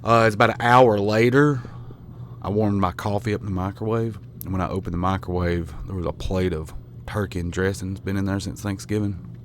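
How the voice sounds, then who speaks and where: A man's voice: low voice, steady tone, a little fast, slight background noise. A man from the American South with a Southern accent, chatting casually to camera in a rambling, self-deprecating way with many restarts. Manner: colloquial with mild swearing. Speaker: vlogger.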